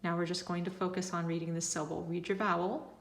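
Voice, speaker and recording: A woman's voice: lowish voice, flat delivery, gravelly. A woman first grade teacher explaining to parents, step by step, how to break words into syllables. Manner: patient, slow, modeling each step aloud. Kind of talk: instructional tutorial for parents.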